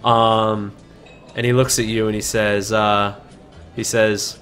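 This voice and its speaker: A man acting as game master, narrating a tabletop game in a casual, halting way with fillers. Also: fairly low pitch, level tone, fairly bright tone, soft background music.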